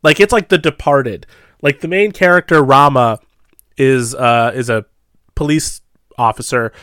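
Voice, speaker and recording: Young male podcast co-host. Casual, rambling, filler-heavy movie chat; smooth voice, dry close sound. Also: mid-range voice, measured pace, a bit bright, dry recording. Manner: chatty, rambling movie talk with frequent fillers.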